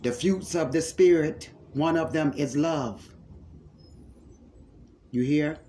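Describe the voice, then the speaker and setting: Man, spiritual healer-preacher, slightly higher voice, slow fervent sermon, repeats phrases, calls listeners loved ones. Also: warm tone, slight background noise.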